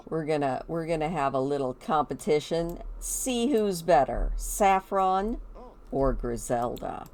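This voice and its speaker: A woman giving casual gameplay commentary, chatty and animated, talking to the characters on screen. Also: deep voice, measured pace, slight background noise.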